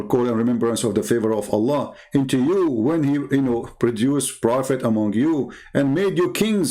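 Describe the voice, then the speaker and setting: An online religious debater delivers a combative, mocking monologue, growing heated as he presses his points. His mid-range voice has a warm tone and a moderate pace. It's an impassioned monologue.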